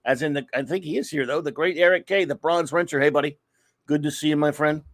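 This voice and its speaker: A man hosting a live comics talk show, chatting casually and rambling through friendly shout-outs to viewers in the chat. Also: on the high side, fast talker, dry recording. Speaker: podcast host.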